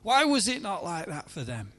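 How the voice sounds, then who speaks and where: A man preaching a sermon at a church meeting, emphatic, swinging between loud pleading and hushed lines. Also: sits high, wildly swooping pitch, normal speed.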